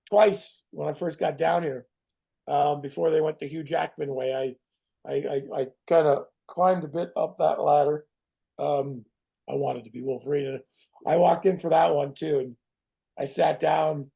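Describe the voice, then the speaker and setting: A middle-aged man, a guest actor in a casual interview who tells animated stories, swears and acts out other people's voices. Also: on the high side, moderate pace, creaky, slightly rough. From Canada.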